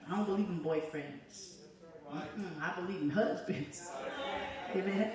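A woman's voice: lowish voice, measured pace, a crowd in the background. A woman evangelist preaching a sermon in a church, fervent and conversational, drawing the congregation in with call-and-response. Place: church sanctuary. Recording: echoey church hall from far off.

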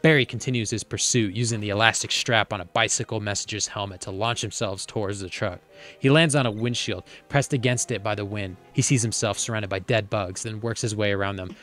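Guy reading a movie script out loud for laughs, stumbles on words sometimes. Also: on the low side, steady tone, fairly quick, soft background music. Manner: reads stage directions aloud, stumbles on words. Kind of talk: comedic script read-aloud.

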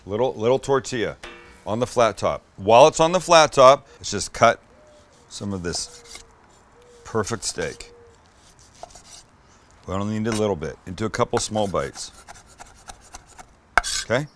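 A man's voice: lowish voice, lively intonation, a little slow, long pauses, slight background noise. A middle-aged man hosting a casual cooking demo, enthusiastic and swearing as he tastes his food on camera. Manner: enthusiastic, swears, talks to camera while eating. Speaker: cooking show host.

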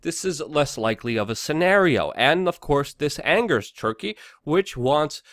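A man's voice: on the high side, lively intonation, normal speed, fairly bright tone, dry recording, studio quality. A man giving heated, opinionated news commentary, ranting with many fillers and restarts. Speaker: political commentary host.

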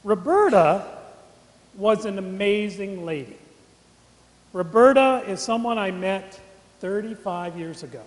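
A man's voice: high voice, animated, a little slow, pauses often. A middle-aged man, a college chaplain, preaching a sermon and asking his listeners questions. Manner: interactive, asks the congregation questions. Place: large chapel. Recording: echoey chapel with long reverb.

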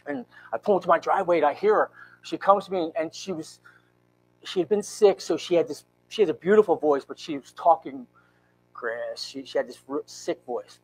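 A man in his fifties, a pastor, telling an emotional personal story in a church sermon with earnest, halting restarts. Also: a little high, breathy edge, poor audio. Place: church sanctuary.

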